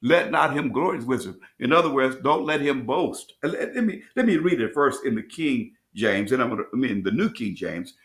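A man teaching as pastor at a midweek bible study, reading scripture slowly and restating phrases as he explains. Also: medium pitch, expressive. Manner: preacherly, repeats and restates phrases; reads scripture slowly with rising emphasis.

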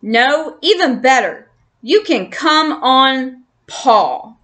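A woman's voice: sits high, expressive, very slow, fairly bright tone, exaggerated voice. A woman voicing a stingy, bossy old male mouse grandfather who blusters and commands in a storybook reading.

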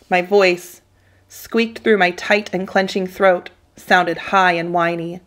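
A woman teacher reading a children's novel aloud with steady, expressive storytelling. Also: fairly low pitch, slow. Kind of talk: children's book read-aloud.

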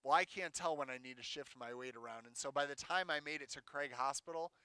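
A man's voice: medium pitch, a little fast, bright, forceful tone, clean tone, no room sound. A young man telling his own story to an audience in a candid, plainspoken way, with some fillers and restarts. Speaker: self-advocate speaker.

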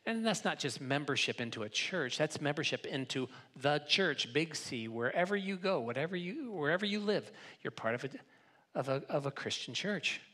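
A pastor delivers a sermon to his congregation in a church, his voice placed somewhat high for a man. He talks in a relaxed, conversational way, often doubling back on a word before finishing the thought. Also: normal speed. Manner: conversational, repeats words while restarting, teasing the congregation. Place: church sanctuary.

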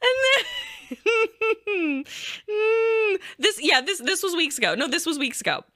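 A young woman telling a crude, self-mocking story to her viewers in a casual, animated way, often laughing. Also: very high voice, moderate pace.

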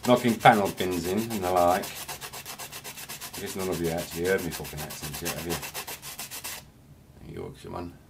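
A man's voice: low voice, steady tone, moderate pace, gravelly, long pauses. A man with a cough rambling casually through a workshop tutorial, full of chatty asides. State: has a cough. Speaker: hobby knife maker. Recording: loud sanding and rubbing noise.

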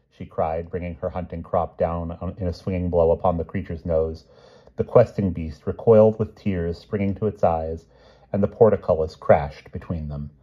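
A man reading a novel chapter aloud, expressive and growing louder on the action. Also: sits low, dull audio. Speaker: audiobook reader.

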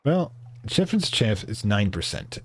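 A man's voice: fairly low pitch, big pitch swings, a little slow, fairly bright tone, breathy edge. A man hosting a let's play, reading the game's text aloud, stumbling over words and correcting himself between casual remarks. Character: shy albino rat tinker, male.

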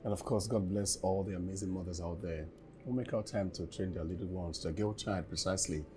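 A man's voice: low-pitched, steady tone, brisk, noisy background, lightly acted. A man playing a weary wealthy boss. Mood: appreciative. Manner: tired, pleading. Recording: music playing underneath.

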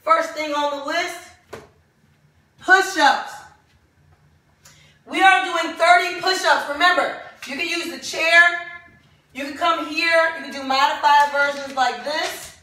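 Woman fitness coach counting reps at home, out of breath, bright voice, super echoey room. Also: high voice, steady tone, takes it slowly, pauses often, far from the mic. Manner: encouraging, counts reps aloud while exercising. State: out of breath during exercises. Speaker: fitness instructor.

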